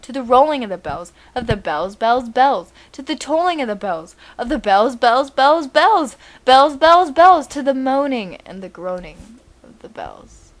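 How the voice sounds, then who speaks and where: A woman's voice: high-pitched, very animated, a little slow. A woman and student presenter giving a dramatic poetry recitation, building force on repeated refrains.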